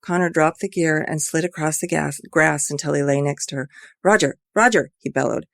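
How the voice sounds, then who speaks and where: Woman, author, reading own novel, earnest amateur, gravelly, dry recording. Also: low-pitched, steady tone, brisk, no echo.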